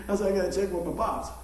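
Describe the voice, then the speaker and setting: Middle-aged pastor, folksy and joking, animated high voice, roomy distant church sound. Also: male voice, slight background noise. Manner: folksy, joking, talks to the congregation. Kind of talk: sermon. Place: church sanctuary. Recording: echoey church room, mic far off.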